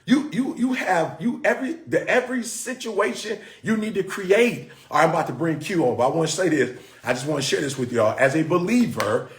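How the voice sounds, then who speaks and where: A man's voice: fairly high pitch, expressive, fairly quick, hardly any pauses, roomy sound. A man hosting a motivational livestream, preaching in a fiery, exclamatory way and repeating his phrases. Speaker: host.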